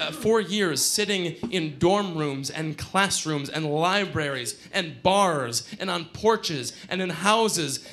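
A man in his twenties telling a personal story on stage, profane, wry and animated. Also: high-pitched. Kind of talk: live storytelling performance.

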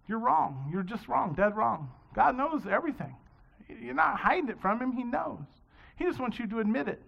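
A man's voice: very high-pitched, sing-song, moderate pace, gravelly. A man preaching a sermon in a conversational, storytelling way, in a dull lo-fi recording. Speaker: pastor. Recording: dull lo-fi sound.

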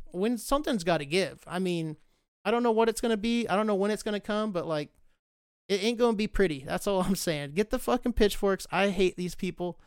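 A man's voice: high voice, fairly quick, clean tone, no echo, clean studio sound. A man ranting casually about the country, profane and sarcastic, getting worked up as he talks. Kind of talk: casual rant.

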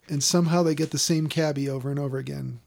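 A man's voice: on the high side, steady tone, fast, creaky, a little mellow. A man co-hosting a casual movie podcast, reading his notes with blunt sarcasm. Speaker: podcast co-host.

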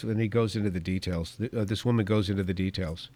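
A man's voice: on the low side, steady tone, fast talker, hardly any pauses, darkish tone, dry recording. A middle-aged man hosting his own opinion podcast, talking emphatically and wandering off on tangents as he shares stories. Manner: rambling, emphatic, goes off on tangents. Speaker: podcast and radio host.

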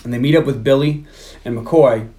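Male podcast host, mid-pitched, casual jokey film recapper. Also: normal speed, dark tone. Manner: recaps the plot with jokey put-on quotes and frequent laughs. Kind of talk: casual movie recap chat.

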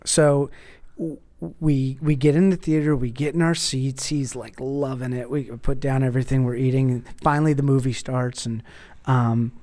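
A man hosting a podcast, telling a comic story in an animated way, swearing freely and acting out the quotes. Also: medium pitch, normal speed.

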